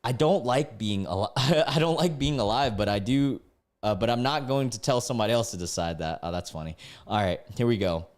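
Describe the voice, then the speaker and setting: Reading stories aloud on his live stream, this young man keeps laughing and exclaiming in excitable reactions. His voice is medium in pitch, and he speaks a little fast.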